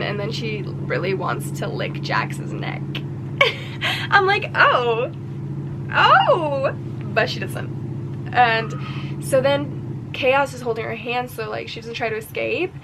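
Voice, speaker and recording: A young woman in her twenties recapping a book in a casual reading vlog, excitable and chatty, acting out the characters' lines as she goes. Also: fairly high pitch, heavy background noise. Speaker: book vlogger.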